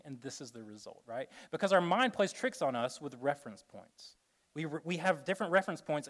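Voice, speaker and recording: A slightly higher-pitched man preaching a sermon to a live room. He talks in a casual, joking way and acts out little voices. Then his delivery turns soft and earnest. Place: room with an audience.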